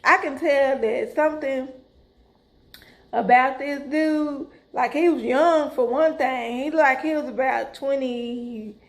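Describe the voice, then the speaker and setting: A middle-aged woman tells a story straight to her viewers. Her voice sits high and she talks in a lively, dramatic way, calling out to them as "y'all". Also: measured pace. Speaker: vlogger. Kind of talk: casual storytelling to camera.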